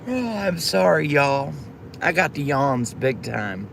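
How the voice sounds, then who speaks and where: Slow-talking woman livestreamer. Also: deep voice, sing-song, gravelly, a little hiss or hum. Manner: affectionate, calls viewers by name and pet names. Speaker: livestream host. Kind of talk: casual chat with viewers.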